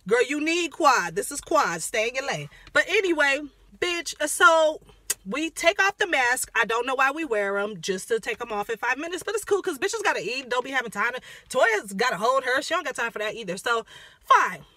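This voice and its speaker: A woman giving a sassy, profane rant recapping a reality show, throwing in dramatic asides and sometimes dropping her voice low and quiet. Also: very animated, normal speed, dry recording. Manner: drops voice low and quiet at times. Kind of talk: ranting recap commentary.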